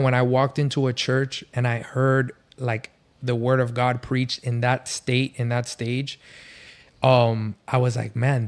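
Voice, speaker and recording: This man, a podcast guest, shares his faith testimony casually, rambling loosely and leaning on lots of fillers. His voice sits at a medium pitch with a clean tone.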